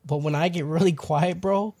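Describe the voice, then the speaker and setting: A man's voice: on the high side, steady tone, normal speed, dark tone. A man in his thirties, a father, chatting on a podcast in a blunt, profane, joking way. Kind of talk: casual chat.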